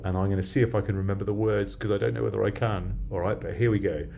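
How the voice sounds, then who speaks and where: A man's voice: fairly low pitch, steady tone, quick pace, gravelly, dark tone, muffled recording, a little hiss or hum. An older man from southwest England, chatting in a casual video diary, rambling and checking in with the listener. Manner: chatty, rambling, frequent "yeah?" tags. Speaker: video diarist.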